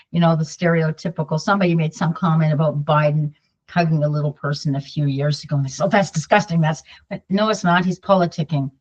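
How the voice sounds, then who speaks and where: Chatty older woman with a muffled sound. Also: on the low side. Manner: chatty, digressive, repeats herself. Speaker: political vlogger. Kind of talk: casual talk to camera. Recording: dull lo-fi sound.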